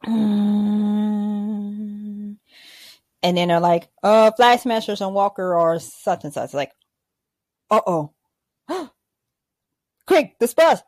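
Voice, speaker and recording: A woman hosting a podcast, recapping an episode with excited, dramatic play-acting of the characters. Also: no room sound. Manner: acts out characters with big pitch jumps and gasps. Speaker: podcast host.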